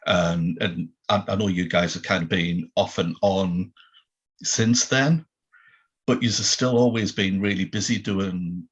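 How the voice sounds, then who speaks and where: A man hosting a casual interview, his voice fairly low and husky. He speaks laid-back, with lots of fillers and easy chuckles. The sound is dull and lo-fi, like a remote line. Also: fairly even intonation, unhurried. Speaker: interview host.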